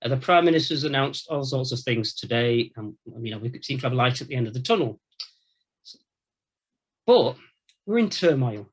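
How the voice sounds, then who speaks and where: A male Catholic priest giving an informal Lenten talk, telling stories from his time as a prison chaplain in a lively, colloquial way. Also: medium pitch, moderate pace, long pauses, breathy edge. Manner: storytelling, animated anecdotes with quoted voices.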